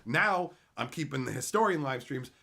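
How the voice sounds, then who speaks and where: A man's voice: medium pitch, animated, moderate pace, vocal fry, sharp tone. A middle-aged man from Canada hosting a casual livestream, ranting with heavy profanity and mocking silly voices. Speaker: livestream host.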